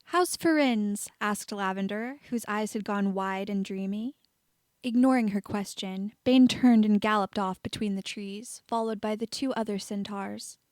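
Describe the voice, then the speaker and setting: A woman's voice: medium pitch, fairly even intonation, moderate pace, a little mellow, dry recording. Woman narrating a story, dry close sound. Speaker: audiobook reader. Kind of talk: fan fiction narration.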